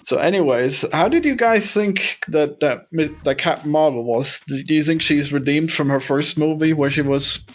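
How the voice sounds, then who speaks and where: A man's voice: on the high side, moderate pace, few pauses. A man co-hosting a casual movie podcast, easygoing, laughing often and asking questions. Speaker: podcast co-host.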